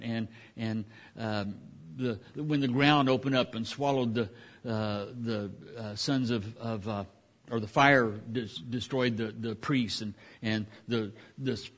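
A man teaching from the Bible in a casual, folksy way, with many restarts and fillers, speaking in a church. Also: mid-range voice. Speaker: pastor.

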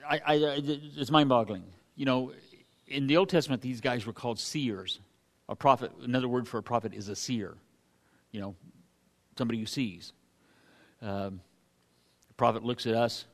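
A man preaching a casual sermon, reading scripture aloud between folksy, animated asides to his congregation. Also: mid-range voice, moderate pace, long pauses.

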